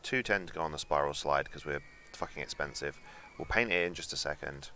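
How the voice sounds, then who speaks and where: A man's voice: very deep voice, fairly quick, pushed and bright, a little hiss or hum. A young man chatting and joking as he streams a game, reading out chat and swearing now and then. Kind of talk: casual gameplay commentary.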